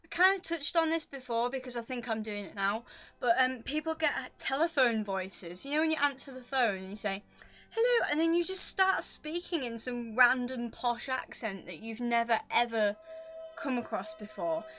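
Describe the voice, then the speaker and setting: The recording is muffled, and the woman's fairly high voice keeps a moderate pace. She's a vlogger at home with a pet on her lap, casually rambling to the camera with self-deprecating asides, as choir music plays softly.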